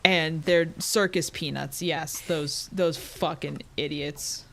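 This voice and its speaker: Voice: medium pitch, fairly even intonation, takes it slowly, gravelly, bright, forceful tone. A streamer chatting casually while playing, blunt and swearing freely as they talk to chat.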